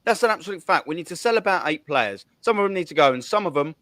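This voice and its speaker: A man's voice: fairly high pitch, lively intonation, fast talker, a bit bright, dry recording. A man hosting a fan channel, ranting about football with heavy swearing and hard emphasis. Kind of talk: heated football fan rant.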